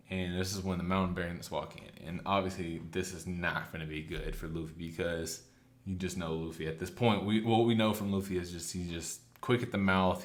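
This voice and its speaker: A man casually recapping a story, chatty and loose, slipping into quick quoted lines. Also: low-pitched. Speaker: anime recap host.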